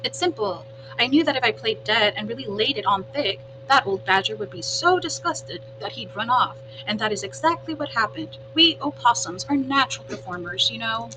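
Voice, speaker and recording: A woman voicing a dramatic, theatrical female opossum in a storybook read-aloud, with drawn-out, exclaiming emphasis. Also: on the high side, lively intonation, close to an everyday voice. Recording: humming background noise.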